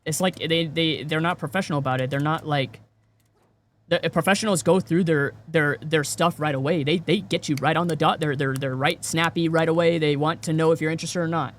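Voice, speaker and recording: A man's voice: on the high side, steady tone, a little fast. A man streaming and chatting casually with viewers, rambling with many repeated words and fillers. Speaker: game streamer.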